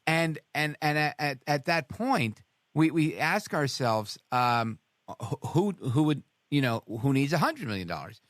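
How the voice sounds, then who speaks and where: A man's voice: a little high, big pitch swings, a little slow, a bit bright, no room sound. A man hosting a radio talk show, chatting with his guest in a conversational, agreeable way. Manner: conversational, agreeing, chuckling along.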